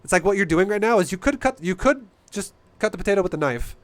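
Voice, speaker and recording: A StarCraft coach talks a player through a game replay, and his voice is high-pitched, animated and quick. His style is casual and blunt, full of profanity and passion.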